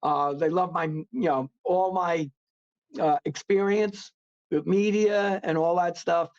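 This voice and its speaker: A man's voice: sits high, steady tone, slow. New York man, rambling, lo-fi sound. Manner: rambling, many fillers and restarts. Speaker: podcast guest. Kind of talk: casual interview chat.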